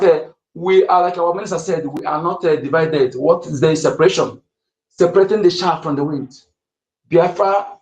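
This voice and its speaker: Man, moderator, rallying and earnest, high pitch, echoey sound. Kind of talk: speech on an online audio space.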